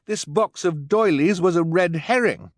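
A man's voice: high-pitched, measured pace, no echo, studio quality, pitched above the performer's own voice. A man voicing an insistent teenage boy. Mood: protesting.

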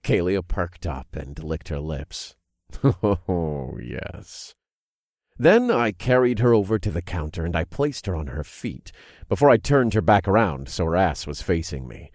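Lively low-voiced male narrator. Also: moderate pace, dry recording, clean studio sound. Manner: expressive, animated reading that builds in intensity. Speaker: audiobook narrator. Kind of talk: first-person scripted narration.

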